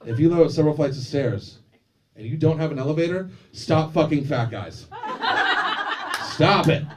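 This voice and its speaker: A man's voice: fairly high pitch, expressive, normal speed, distant mic, very noisy. A man doing a crude, self-deprecating stand-up routine on a comedy club stage, bantering with the crowd. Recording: live club with crowd laughter. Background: audience laughter.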